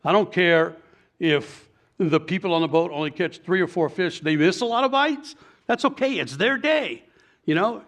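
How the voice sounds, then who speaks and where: A man's voice: high voice, expressive, normal speed, fairly bright tone. A middle-aged man, a fishing guide giving blunt, folksy advice and telling stories in a casual talk.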